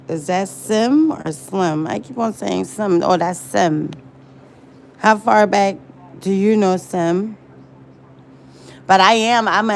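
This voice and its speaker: A woman's voice: mid-range voice, slight background noise. A woman rambling and searching for words in a casual livestream chat. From American South. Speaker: livestream host.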